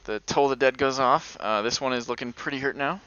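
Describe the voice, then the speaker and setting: Bright-voiced young man running a tabletop game. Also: mid-range voice, fairly quick, smooth, dry recording. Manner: laughs often, relaxed and chatty. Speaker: game master. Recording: dull lo-fi recording.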